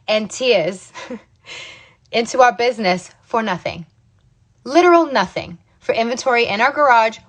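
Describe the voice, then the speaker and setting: Emphatic woman telling her own story. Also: fairly high pitch. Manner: emphatic, repeats "okay?" and "you guys". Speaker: business owner sharing her story. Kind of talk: casual motivational talk to camera.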